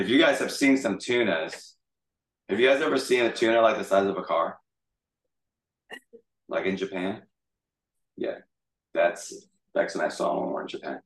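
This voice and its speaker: Casual Bible study leader, man, somewhat low voice, animated and jokey, recorded in an echoey room from a distance. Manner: chatty, jokey, animated retelling. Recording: echoey room, mic far off.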